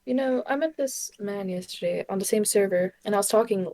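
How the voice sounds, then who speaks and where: A woman's voice: mid-range voice, a little fast, a crowd in the background. A woman in a casual group chat, quipping and teasing.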